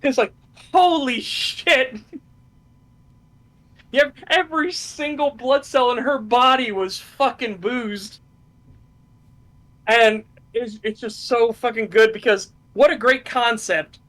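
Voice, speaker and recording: A man hosting a casual podcast chat, retelling things in an excited, profane way. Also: extremely high pitch, unhurried. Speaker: streamer host.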